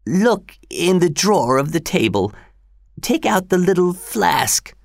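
A dying old man speaks in a frail, breathy voice, as a male reader puts him on, pitched well above the reader's own. His words come slowly and strangely, with a proud, knowing edge. The recording is dry and close. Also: big pitch swings, dry recording, full character voice. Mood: urgent, weak. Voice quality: weak, breathy.

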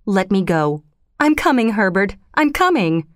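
A grieving old mother cries out in high, shrill desperation, acted by a woman reading the story. The voice is smooth and crisp, recorded close and dry with no room sound. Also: very animated, a little slow, no room sound. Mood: desperate.

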